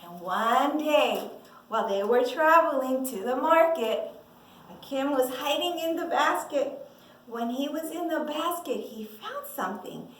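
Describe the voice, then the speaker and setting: Animated female storyteller for kids, high voice; distant, roomy recording. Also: unhurried. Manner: lively, expressive, asks the listeners questions. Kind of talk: animated children's story telling. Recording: echoey room, mic far off.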